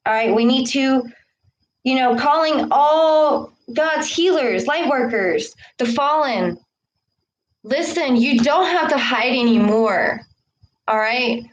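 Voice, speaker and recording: A woman giving a casual spiritual talk to camera, preaching with a steady stream of "okay" and "all right". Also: high-pitched, slow, a little hiss or hum, rough recording. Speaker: spiritual vlogger.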